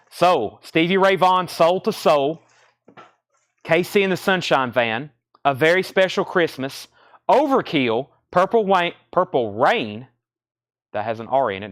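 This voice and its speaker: A man hosting a live record sale, briskly calling out bids and prices, out of breath. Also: mid-range voice, lively intonation, no room sound, studio quality. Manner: brisk, matter-of-fact auctioneer patter. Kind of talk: live sales stream, rattling off prices.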